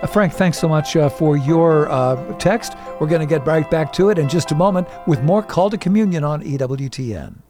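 A man's voice: fairly high pitch, expressive, moderate pace, few pauses, music in the background. A male radio host thanking listeners and reading their texts aloud between answers. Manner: brief affirmations, reads listener texts. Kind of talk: radio call-in hosting.

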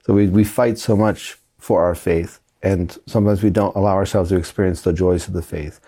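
Male priest guest, deep dark voice, earnest and reflective. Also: steady tone, a little fast, slightly rough. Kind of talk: interview conversation.

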